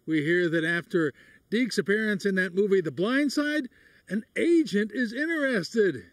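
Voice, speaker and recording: A man hosting a cartoon parody in a brisk mock newsreader delivery. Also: high-pitched, expressive, dry recording, recorded from a distance. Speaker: host of parody web cartoon. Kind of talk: mock news announcement.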